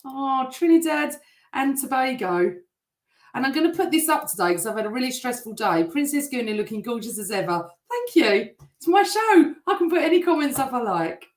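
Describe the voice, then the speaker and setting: A middle-aged woman hosting a live football fan show, chatting and reading out viewer comments, her voice a bit rough. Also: high voice, very animated, brisk. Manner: chatty, warm toward viewers, teasing. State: voice still rough from shouting. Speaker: host. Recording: echoey room.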